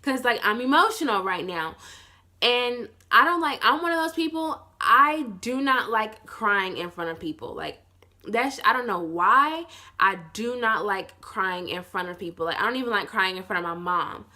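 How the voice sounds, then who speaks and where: Bright-voiced young woman telling a story. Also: animated, normal speed. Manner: rambling, heavy use of "like", swearing; acts out quoted people in lower, softer voices. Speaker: vlogger. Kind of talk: casual storytime.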